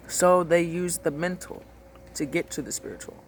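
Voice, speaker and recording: A man's voice: on the high side, moderate pace, a little hiss or hum. A man ranting in casual talk, emphatic and profane, repeating his points. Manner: emphatic, swears a lot, repeats phrases.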